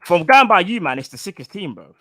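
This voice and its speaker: A man's voice: sits high, sing-song, fast, pushed and bright, dry recording, clean studio sound. A man arguing football in a heated casual debate, insistent and full of slang, reading out player names one by one. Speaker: co-host of a fan call-in show.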